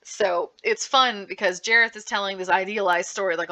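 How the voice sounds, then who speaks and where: A woman speaking with lively enthusiasm, recommending comics and manga in a casual panel talk. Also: mid-range voice, fairly quick, few pauses. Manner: lively, animated, frequent restarts and laughs. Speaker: librarian giving a book panel.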